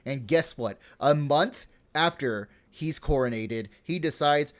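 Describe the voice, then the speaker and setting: A man's voice: a little high, animated, normal speed, few pauses. A man hosting a podcast, casually retelling history with lots of swearing, laughs and fillers. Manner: profane, laughing, full of fillers. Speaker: podcast host.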